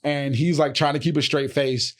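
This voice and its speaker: A man's voice: fairly high pitch, steady tone, normal speed. A man co-hosting a podcast in casual comedic chat, loose and profane, laughing often as he tells stories. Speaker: podcast co-host.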